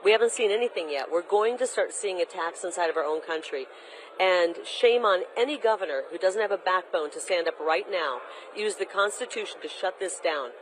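A woman's voice: lowish voice, brisk, a little hiss or hum, poor audio. A woman running for governor, giving emphatic, combative answers in a political interview. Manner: emphatic, combative, delivers campaign talking points. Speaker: candidate for governor, interview guest.

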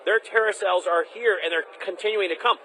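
A man's voice: high-pitched, a little fast, sharp tone, slight background noise, poor audio. A man hosting a political interview, insistent and repeating key phrases for emphasis. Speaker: interview host.

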